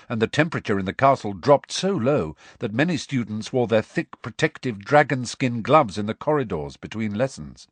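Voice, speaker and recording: A man narrating a storybook aloud in an expressive storytelling manner. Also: lowish voice, no room sound. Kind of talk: audiobook narration.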